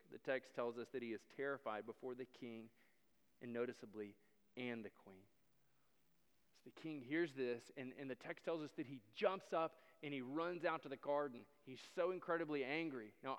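A man preaching a sermon, retelling a story with dramatic swings between loud declarations and hushed asides. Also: a little high, normal speed, clear, resonant tone. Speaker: pastor. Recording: long hall reverb.

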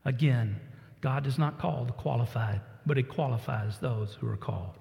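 A man's voice: mid-range voice, normal speed, gravelly, dark tone, big-room sound. A man in his sixties from Texas, a pastor preaching a sermon with folksy stories that build to emphatic exhortation.

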